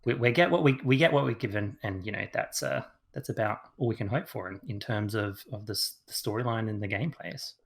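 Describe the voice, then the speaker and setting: A man's voice: lowish voice, fast, vocal fry, hardly any pauses. A man chatting casually on a games podcast, wry, with stammering restarts. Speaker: podcast co-host. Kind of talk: casual chat about games.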